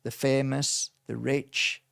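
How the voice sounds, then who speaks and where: A man's voice: medium pitch, slow pace, vocal fry, dry recording, clean studio sound. Man telling a story. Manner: animated, acts out quoted dialogue. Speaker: spiritual teacher. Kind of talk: casual storytelling.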